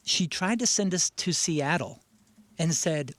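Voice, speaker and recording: A man hosting a talk show, telling a travel story with lots of energy and acting out the people in it with loud put-on voices. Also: on the high side, animated, measured pace, dry recording. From United States. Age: adult with kids. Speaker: radio show host.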